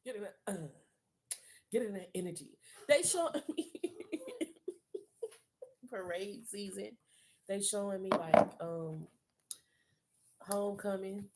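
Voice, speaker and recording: A woman's voice: mid-range voice, slow pace, pauses often, a little mellow, slight background noise. Woman giving a streetwise tarot reading. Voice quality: emphatic, streetwise, profane. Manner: coaching, repeats phrases for emphasis. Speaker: tarot reader. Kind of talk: live-stream tarot reading.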